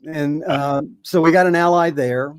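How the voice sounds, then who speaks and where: A man in his seventies, a podcast guest telling a long story in a rambling, halting way with many fillers. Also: fairly high pitch, clear, resonant tone, dry recording. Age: 70s. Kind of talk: casual storytelling.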